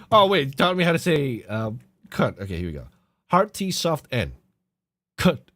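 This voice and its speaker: A man hosting a podcast, ranting casually with profane, animated outbursts. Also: fairly high pitch, measured pace, dry recording. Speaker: podcast host.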